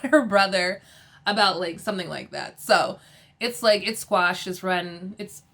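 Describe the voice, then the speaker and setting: A woman's voice: mid-range voice, unhurried, fairly bright tone. A woman chatting casually as she recaps a TV episode, filling her speech with "like" and laughing often. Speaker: TV episode reviewer.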